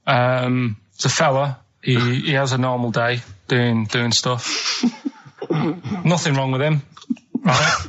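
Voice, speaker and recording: A man on a radio show, speaking on a studio mic in a plain, deadpan way. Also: mid-range voice, slow, highs cut off. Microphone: studio microphone.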